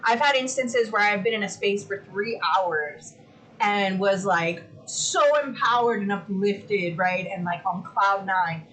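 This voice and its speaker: A woman hosting a casual livestream from home, chatty and excitable, who swears freely. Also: medium pitch, unhurried, low-quality recording. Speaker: livestream host.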